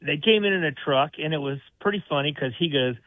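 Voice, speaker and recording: A man's voice comes through a narrow, tinny phone line as he calls in to a radio show. His voice sits a little high, and he tells stories in a chatty, easygoing way, laughing as he goes. The line is very dry. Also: quick pace, dry recording. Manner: chatty, laughs while telling a story. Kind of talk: casual storytelling on a phone call.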